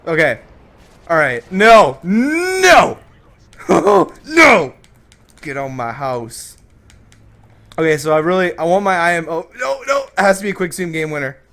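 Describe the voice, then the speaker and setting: A man hosting a comedic advice vlog and shouting hyped gameplay commentary, brash and crude with constant jokes. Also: on the high side, expressive, brisk. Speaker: YouTube host.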